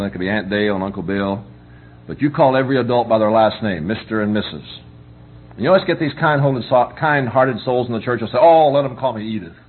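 A middle-aged man preaching a conversational sermon on parenting, folksy, often asking whether listeners understand. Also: fairly low pitch. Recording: tinny phone-like recording with faint hum.

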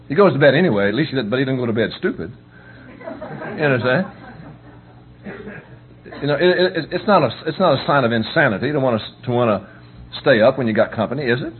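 Middle-aged male preacher, folksy conversational sermon delivery, mid-pitched voice, lo-fi phone-line recording. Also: lively intonation, a little fast, long pauses. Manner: folksy, keeps asking "you understand?". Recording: tinny phone-like recording with faint hum.

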